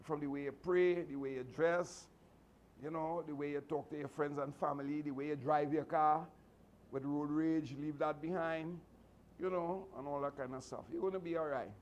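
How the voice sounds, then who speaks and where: A man's voice: a little high, fairly even intonation, moderate pace, muffled recording, a little hiss or hum. A man, a martial arts instructor giving a motivational speech to his students, earnest and repetitive with many restarts. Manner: fatherly advice giving.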